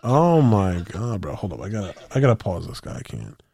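A man's voice: deep voice, sing-song, fairly quick, gravelly, mellow. A man co-hosting a podcast, chatting casually in a rambling, slangy way with lots of fillers and restarts. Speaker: podcast co-host. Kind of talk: casual chat.

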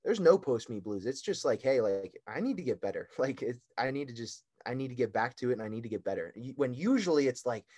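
A young man, a competitive athlete and guest, chatting casually, telling stories excitedly with frequent laughs. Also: mid-range voice, fast talker, few pauses, husky. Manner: excitable storyteller who laughs often. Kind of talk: casual chat.

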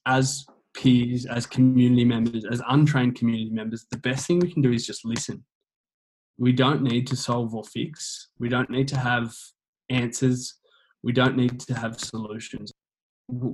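An earnest man talks through his points in a relaxed interview. His voice sits in a middle pitch, and he circles back over his phrases as he explains them. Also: moderate pace, low-quality recording. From Australia. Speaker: guest on men's mental health. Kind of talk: casual conversational interview.

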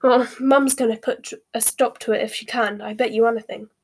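A woman voicing a sly, scornful teenage girl witch with a sharp tongue. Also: on the high side, steady tone, a little fast.

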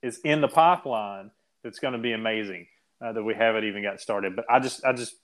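A man co-hosting a casual wrestling talk show, animated and quick to laugh. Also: on the low side. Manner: animated, laughs often, repeats words. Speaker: podcast co-host.

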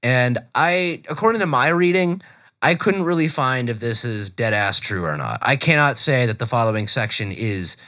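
Animated, lively-voiced man telling a story. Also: medium pitch, moderate pace. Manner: animated, profane, laughs often, slips into silly voices. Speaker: podcast co-host. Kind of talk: casual storytelling chat.

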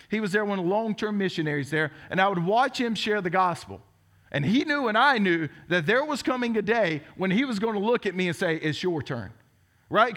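A man's voice: sits high, fairly bright tone. A man in his thirties with a Southern US twang, preaching a sermon as teaching pastor, telling stories with earnest, self-deprecating humor. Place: church sanctuary.

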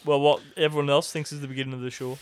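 A man with a Geordie accent chats casually as a podcast co-host, rambling through sweary, joking banter. His voice sits a little high and comes across smooth and clear. The sound is dry and close, with no room around it. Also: little pitch movement, racing, dry recording. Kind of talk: casual chat.

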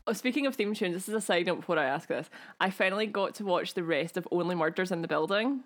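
A woman's voice: on the low side, fast. A woman co-hosting a podcast in casual chat, gushing and laughing often. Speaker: podcast co-host.

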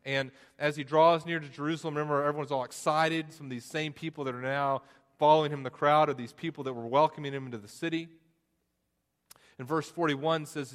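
A man preaching an expository sermon, walking through the text with frequent restarts and repeated words. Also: medium pitch. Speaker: pastor. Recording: long hall reverb.

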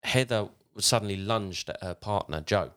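A man with a very low, deep voice spins a long tale in a relaxed podcast chat. He wanders and restarts his sentences as he goes, keeping it casual. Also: normal speed. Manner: rambling, with frequent restarts while retelling a tale. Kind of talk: casual storytelling.

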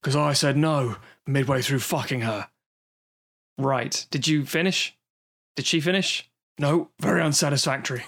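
A man's voice: mid-range voice, moderate pace, a bit bright. A man co-hosting a casual film review podcast, wry and sweary, with frequent ums. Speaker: podcast co-host.

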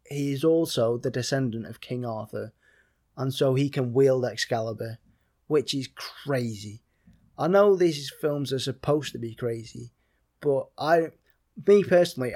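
A man's voice: medium pitch, a little mellow. A man from Britain giving a casual, rambling spoken film review, with many fillers and restarts.

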